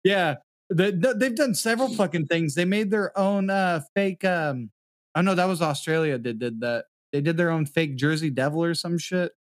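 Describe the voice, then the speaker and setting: A man's voice: a little high, moderate pace, no room sound, clean studio sound. A man co-hosting a podcast in casual chat, joking, swearing and laughing as he reads facts aloud. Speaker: podcast co-host.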